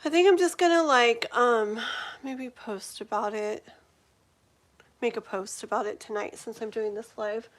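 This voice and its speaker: Woman, forties, slightly high voice, tarot reader, casual livestream chat, rambling, giggly, lots of fillers. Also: a little slow. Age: 40s.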